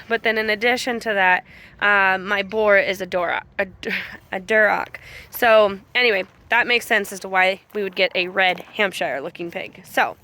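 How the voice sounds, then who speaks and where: A woman's voice: medium pitch, bright, forceful tone. A young woman chatting casually as she films her farm animals, rambling and affectionate. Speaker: farm owner. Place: outdoors on a farm.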